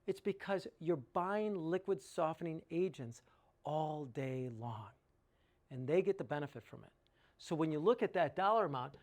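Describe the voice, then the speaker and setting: Upbeat man walking through cost math. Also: on the high side. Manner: enthusiastic, works sums aloud, asks rhetorical questions. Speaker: water treatment educator and salesman. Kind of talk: informal sales presentation.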